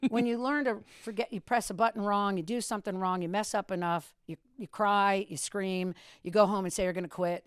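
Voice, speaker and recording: A woman in her fifties, a radio host on a podcast, telling stories with big, lively swings into a high voice when she quotes people. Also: no echo, clean studio sound. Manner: animated storyteller, acts out quotes in a high voice. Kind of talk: casual storytelling chat.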